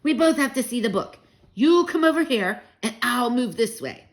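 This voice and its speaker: A woman's voice: a little high, animated, moderate pace, voice pushed up. A woman voicing a sly, know-it-all male house cat who talks in a bossy, impatient way. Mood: scheming.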